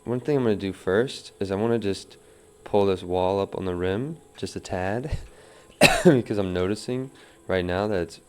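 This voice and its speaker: A man's voice: low-pitched, normal speed, darkish tone, smooth. A man teaching wheel-throwing as he works, talking through each step and counting pulls under his breath. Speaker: pottery instructor. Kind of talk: live throwing demonstration.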